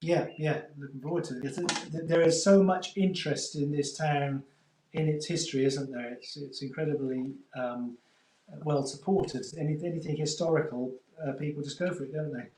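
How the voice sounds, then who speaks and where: A man from Lowestoft, a folk singer-songwriter, introducing his songs in a relaxed, hesitant way. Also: moderate pace, far from the mic. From Lowestoft, England. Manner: relaxed, hesitant, many fillers. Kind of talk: casual chat introducing songs. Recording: roomy, from afar, guitar behind.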